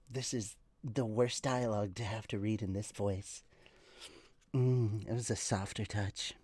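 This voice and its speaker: A man doing a hushed heroine, whispered role-play. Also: on the low side, dry recording, clean studio sound, pitched below the performer's own voice. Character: soft-spoken whispery heroine narrating.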